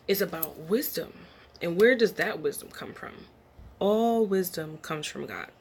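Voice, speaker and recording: A woman's voice: on the low side, fairly bright tone. A woman hosting her own online show, talking in a chatty, rambling and upbeat way. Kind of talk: casual vlog monologue.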